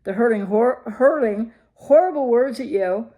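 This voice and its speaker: A woman's voice: on the high side, a little slow, mellow. A woman recovery coach talking straight to her viewers, emphatic and full of rhetorical questions. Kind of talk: direct-to-camera advice talk.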